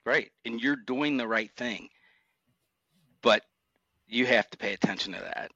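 A man's voice: mid-range voice, unhurried, sharp tone, husky, no room sound, lo-fi sound. A man, a former motorcycle cop, telling earnest, reflective stories from his police career in an interview. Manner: earnest, reflective, emotional recollection. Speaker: retired motor cop guest. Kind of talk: candid interview storytelling.

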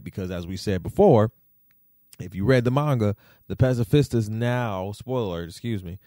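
Mellow-voiced man in slangy commentary. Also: on the low side, normal speed, no room sound, clean studio sound. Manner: slangy, animated ranting. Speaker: podcast host. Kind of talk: casual commentary.

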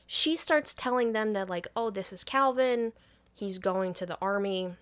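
A woman's voice: mid-range voice, unhurried. Profane woman recapping a film. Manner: profane, animated recap with quoted voices. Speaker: podcast co-host retelling a film. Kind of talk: casual chat.

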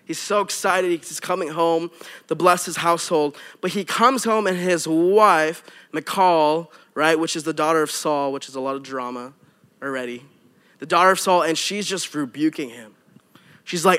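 A young adult male pastor giving a conversational sermon with animated asides to his congregation. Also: on the high side, normal speed, clean tone.

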